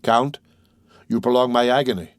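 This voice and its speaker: A heartbroken young man, desperate and pleading, his words full of impassioned anguish, as a male audiobook reader puts him on. The sound is dry and close, at a middling male pitch. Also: normal speed, dry recording, lightly acted.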